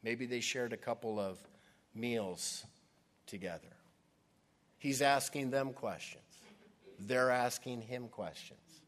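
A man's voice: mid-range voice, slow pace, long pauses. A man preaching a sermon, earnest and conversational, acting out scenes as he retells them. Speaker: pastor.

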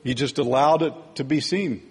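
A man teaching a sermon in a relaxed, conversational way, often checking in with "right?" and "okay?". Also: mid-range voice, moderate pace, slightly rough, long reverb tail.

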